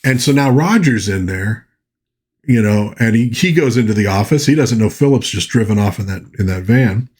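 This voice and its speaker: A man reviewing an old film, retelling its plot in a chatty, animated way with frequent restarts. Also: on the low side, moderate pace, husky. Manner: chatty, animated, lots of you-knows and restarts. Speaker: movie reviewer.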